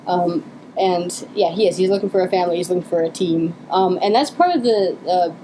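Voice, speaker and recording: A woman's voice: on the low side, brisk, background noise. A woman co-hosting a casual commentary podcast, talking eagerly with many fillers and restarts. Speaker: co-host.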